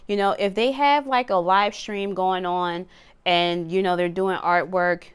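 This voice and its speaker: A woman's voice: on the low side, steady tone, a little slow, clear, resonant tone. A woman giving a casual tarot reading, talking bluntly, swearing freely and laughing as she drifts off on tangents. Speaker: tarot card reader.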